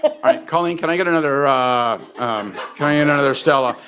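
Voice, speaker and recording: A man's voice: fairly high pitch, fast, dull audio, heavy background noise. A man telling a long story at a live podcast taping, wry, profane and self-mocking. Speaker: podcast co-host. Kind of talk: animated storytelling on stage. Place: live event on stage.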